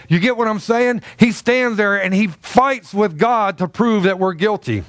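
A man's voice: high-pitched, lively intonation, measured pace, hardly any pauses, dry recording. A male pastor preaching a sermon to a congregation, emphatic, with many fillers and restarts, in a church.

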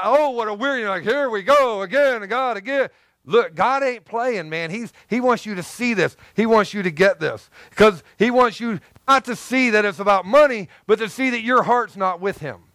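A man preaching a sermon in a high, smooth, clear voice. He is a pastor who talks to his listeners in a loose, animated way, repeating phrases and acting out little asides. The sound is dry and close. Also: moderate pace, few pauses, no room sound. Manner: animated, conversational preaching with repetitions and acted asides.

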